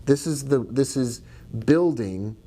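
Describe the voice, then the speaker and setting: A man's voice: mid-range voice, expressive, slow pace, warm tone. A man teaching about trading in a casual video lesson, chatty and digressive, with jokes and asides. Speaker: trading educator.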